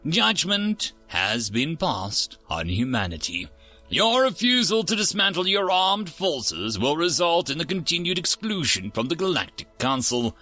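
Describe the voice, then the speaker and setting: A man voicing an impassive octopus-like alien judge who delivers a formal verdict in a monotone. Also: a little high, a little slow, faint music behind, heavily acted. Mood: stern.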